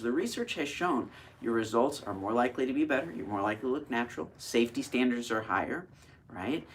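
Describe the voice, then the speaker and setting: A man's voice: mid-range voice, a little hiss or hum. Earnest male surgeon explaining to camera. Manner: earnest, emphatic, asks rhetorical questions. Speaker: cosmetic surgeon.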